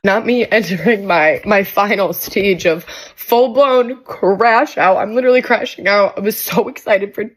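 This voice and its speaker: A woman vents to camera in an exasperated rush, swearing freely. Her voice sits at an ordinary pitch. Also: a little slow. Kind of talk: casual social media vent.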